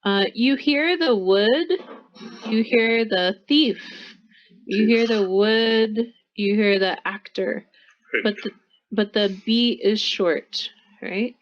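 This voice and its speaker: A woman's voice: a little high, takes it slowly, muffled recording. An American woman teaching pronunciation in a college classroom, explaining patiently and repeating words for her students. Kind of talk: classroom instruction.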